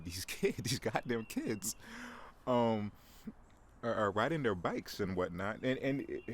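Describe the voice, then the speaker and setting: A lowish, fairly bright male voice comes through with slight background noise. The speaker, a podcast host in his twenties, delivers a rambling solo morning monologue at home overlooking his backyard, full of self-deprecating jokes, stumbling restarts and frequent "bro."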